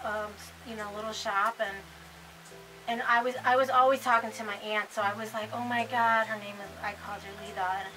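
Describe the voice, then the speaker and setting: A woman's voice: on the high side, flat delivery, fairly quick, pushed and bright, poor audio. A woman co-hosting a casual chat, telling a story with lots of stammering restarts and laughter. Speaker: co-host of a spiritual shop channel.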